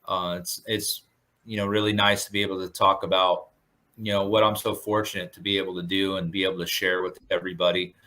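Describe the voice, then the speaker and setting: A surf instructor man talks in a casual interview. His voice sits a bit low but rings bright and forceful. He sounds earnest and grateful, stumbling through fillers and restarts. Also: flat delivery, brisk. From Southern California.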